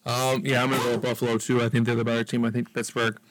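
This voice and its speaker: A man co-hosting a sports podcast, giving measured analysis with frequent ums. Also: medium pitch, flat delivery, dry recording, rough recording. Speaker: podcast co-host. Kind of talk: casual sports talk.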